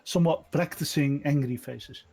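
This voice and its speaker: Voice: mid-range voice, normal speed, dark tone, slight background noise. A player at a tabletop game speaking casually with a playful, joking manner.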